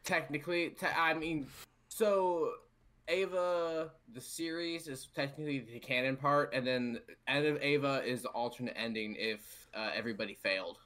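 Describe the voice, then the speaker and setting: A man's voice: medium pitch, normal speed, a bit bright. A man in a casual podcast chat, telling a story with swearing and frequent rhetorical "right?". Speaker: podcast co-host.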